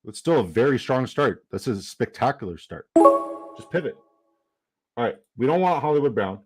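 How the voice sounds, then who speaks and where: Excitable young man streaming fantasy drafts. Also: medium pitch, moderate pace, husky, faint music behind. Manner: excitable, swears, reads chat aloud. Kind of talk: casual live-stream chat.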